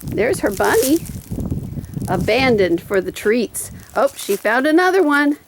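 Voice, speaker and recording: A woman with a high, bright-pitched voice that leaps up and down in sing-song swoops. She is a preschool teacher talking to her young students on video, then cheering on her dog to hunt for treats. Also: big pitch swings, a little slow, a little hiss or hum. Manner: sing-song, coaxing talk to a pet dog.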